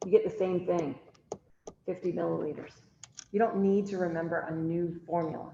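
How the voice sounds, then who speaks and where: A woman's voice: on the low side, steady tone, moderate pace, gravelly, mellow, a little hiss or hum. A woman, giving an online chemistry lecture in a chatty way and asking the class questions that she answers herself. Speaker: chemistry instructor. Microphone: computer mic on a video call. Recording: slightly dull, lo-fi video-call audio.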